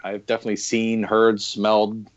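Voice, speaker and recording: A man's voice: lowish voice, completely flat delivery, normal speed, over a noisy crowd. A man guesting on a podcast, telling stories in a laid-back, casual way with frequent fillers. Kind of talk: casual interview chat. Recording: dull lo-fi audio.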